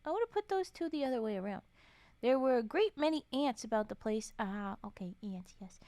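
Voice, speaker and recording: A woman's voice: fairly high pitch, lively intonation, fairly quick, mellow, no echo. Chatty woman streamer reading folktales aloud. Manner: chatty, swears and laughs, interrupts the reading with comments.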